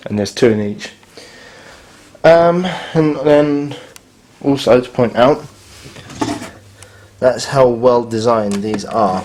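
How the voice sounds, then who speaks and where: A man's voice: mid-range voice, a little mellow, a little hiss or hum. A man with an ordinary, mid-range voice talks his way through a hotel review as he films. He is blunt and a little sarcastic, grumbling about broken fittings in a casual, offhand way. The sound is that of a handheld camera in a hotel room. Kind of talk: casual spoken review while filming.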